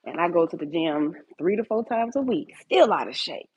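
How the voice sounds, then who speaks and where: A woman's voice: on the low side, lively intonation, moderate pace, a little hiss or hum. A woman streaming live from her home kitchen at night, chatting casually with viewers and talking to her dogs. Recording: tinny phone-like sound.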